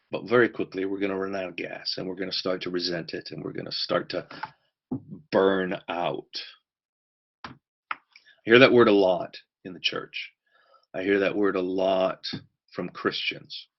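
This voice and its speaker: A man's voice: low-pitched, muffled recording. A man teaching a church course, emphatic and repeating key words for stress.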